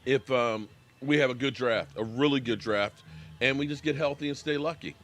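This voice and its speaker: A man's voice: medium pitch, normal speed, fairly bright tone, faint music behind. An American man hosting a casual live sports reaction stream, chatting with viewers by name and talking while he eats.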